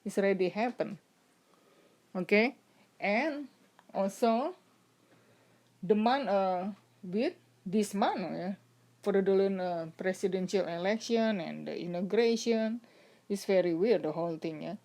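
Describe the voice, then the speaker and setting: A woman giving casual religious commentary as a vlogger, speaking haltingly with frequent "uh" and "okay?" check-ins. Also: medium pitch, darkish tone. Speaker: vlogger commenting on prophecy videos.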